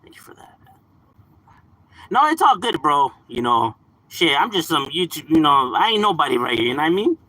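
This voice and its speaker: A man's voice: on the high side, very animated, a little fast, long pauses, pushed and bright, poor audio. A young man chatting casually on a live stream, slangy and laughing often. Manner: laid-back slang, mixes in Spanish words, laughs often.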